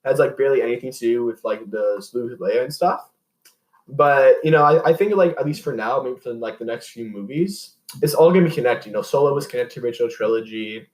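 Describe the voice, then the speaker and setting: A man's voice: medium pitch, quick pace. Young male podcast host, loose rambling delivery, echoey room. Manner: rambling, many fillers and restarts. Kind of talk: casual chat.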